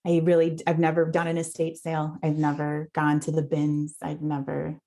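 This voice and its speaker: A woman's voice: deep voice, monotone, normal speed, creaky, mellow. A woman guest on a podcast, chatting casually and telling at length about the items she has found to resell. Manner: chatty, telling her own finds at length. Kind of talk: casual interview chat.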